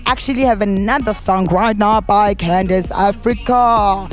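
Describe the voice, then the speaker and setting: A woman's voice: medium pitch, measured pace, soft background music. A woman hosting a casual radio show, bubbly and full of fillers. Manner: bubbly, many fillers, laughs often. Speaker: radio host. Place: radio studio.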